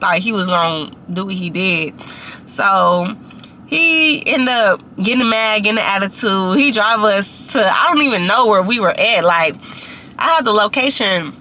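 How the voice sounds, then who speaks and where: A woman's voice: on the high side, pushed and bright, a little hiss or hum. A young woman telling a casual storytime, chatty and full of slang and fillers. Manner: chatty, heavy use of "like" and slang. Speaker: vlogger.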